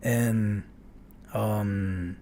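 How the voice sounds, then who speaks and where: Speaking Japanese-accented English on a livestream, a young man from Japan chats casually, peppers his speech with fillers, and reads donations out loud. His voice is lowish and warm, steady in tone with drawn-out words, and there's a little hiss or hum.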